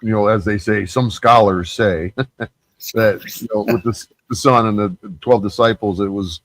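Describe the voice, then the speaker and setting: Low-voiced man, hesitant and halting. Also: steady tone, dry recording, low-quality recording. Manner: hesitant, many fillers and restarts. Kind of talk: casual panel discussion.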